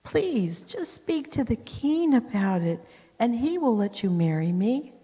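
A woman's voice: fairly high pitch, very animated, measured pace, warm tone, husky, voice pushed up, full character voice. A woman preacher voicing a desperate young princess pleading with her brother, in a reverberant hall. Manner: pleading, earnest.

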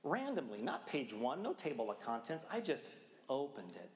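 A man's voice: mid-range voice, huge pitch swings, moderate pace. A middle-aged man preaching a sermon in a casual, conversational way, acting out his own frantic moments as a parent. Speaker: pastor. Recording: echoey hall, long reverb.

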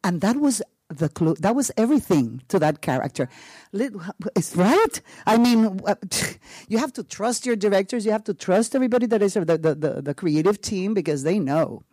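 A woman's voice: medium pitch, normal speed, no echo. A woman with a Puerto Rican accent telling a story on a panel, acting out what people said, laughing often and slipping in Spanish. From Puerto Rico. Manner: animated storyteller, acts out quotes, laughs often, Spanish asides. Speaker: actress on a panel. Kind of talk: panel talk, telling an anecdote.

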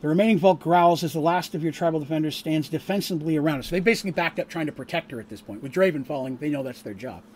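A man runs a tabletop game as game master, narrating the action in a casual way with ums and asides. He breaks off to explain the rules. His voice is a little high, with a faint hiss in the background. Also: rapid-fire, few pauses, a little mellow.

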